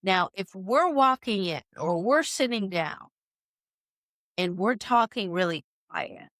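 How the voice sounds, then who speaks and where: A woman giving instructional podcast advice as a communication coach, in a measured coaching tone that checks in with the listener. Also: mid-range voice, lively intonation, fairly bright tone, no room sound, clean studio sound. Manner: measured, coaching tone with frequent "right?" check-ins.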